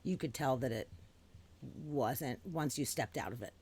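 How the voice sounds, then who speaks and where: A woman with a very low voice hosts a casual podcast chat. She thinks aloud in a measured, reflective way. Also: a little mellow, breathy edge. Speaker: podcast host.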